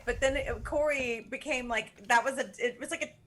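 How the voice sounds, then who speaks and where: Bright-voiced woman co-host, teasing. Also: high voice. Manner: teasing, asks quick questions, laughs often. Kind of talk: casual live-stream chat.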